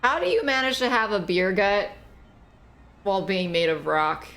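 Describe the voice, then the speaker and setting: A woman's voice: medium pitch, animated, moderate pace, a bit bright, low-quality recording. A woman streamer giving casual gameplay commentary, playful and teasing, swearing freely and talking back to the game's characters. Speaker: game streamer.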